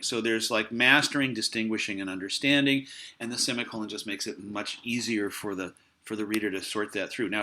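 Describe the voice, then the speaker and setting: A man teaching a college writing lesson in a relaxed, explanatory way, with fillers and small asides. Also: mid-range voice. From United States. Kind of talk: recorded lecture.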